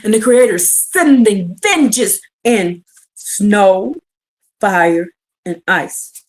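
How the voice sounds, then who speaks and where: A woman preaching a livestreamed sermon, fervent and building to shouted exhortation. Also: mid-range voice, animated, very slow.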